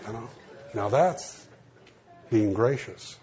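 Preaching in a homespun, chatty way, this middle-aged man weaves stories into his sermon and performs the characters' lines himself. He speaks at a moderate pace in a fairly low, dark-toned voice, captured on a dull lo-fi recording with faint hiss.

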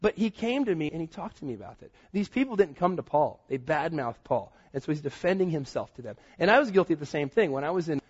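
A man in his thirties preaches with a slightly husky, breathy voice that sits a bit higher than most men's. He tells stories from his own life and acts out what people said to him. The sound is dull and lo-fi. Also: very animated, fast talker, few pauses. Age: 30s. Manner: storytelling with acted-out quotes. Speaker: pastor. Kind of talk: sermon.

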